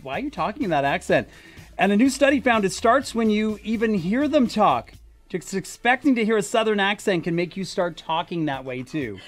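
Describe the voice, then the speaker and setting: A man's voice: sits high, animated, normal speed, soft background music. A man co-hosting a morning radio show, chatting in a playful, enthusiastic way in a studio. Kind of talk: casual radio banter.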